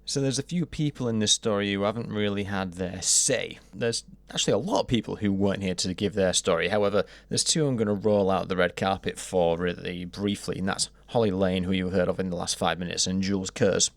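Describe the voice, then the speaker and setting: A man's voice: low-pitched, steady tone, a little fast, creaky, few pauses, no echo. A man hosting and narrating a documentary in an informal, slightly rambling way with occasional fillers.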